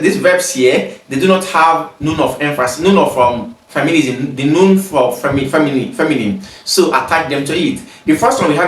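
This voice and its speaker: A man teaching grammar, reading example sentences, translating them and explaining step by step with frequent pauses. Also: on the high side, a bit bright, far from the mic. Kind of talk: explaining exercises in a grammar lesson. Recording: echoey room, mic set back.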